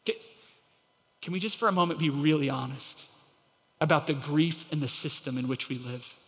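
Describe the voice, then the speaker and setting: Earnest high-voiced male preacher in a hall. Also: fairly bright tone. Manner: earnest, emphatic preaching that swells and drops, slowing on scripture. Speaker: pastor. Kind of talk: sermon.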